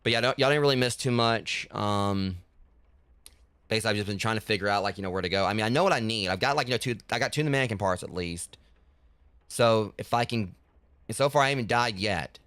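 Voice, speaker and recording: A man's voice: fairly low pitch, fast, a bit bright, clean tone, no room sound. A man streaming a horror game and chatting loosely to his viewers, rambling with lots of fillers. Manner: rambling, heavy with fillers like "like" and "you know". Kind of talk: casual gaming livestream talk.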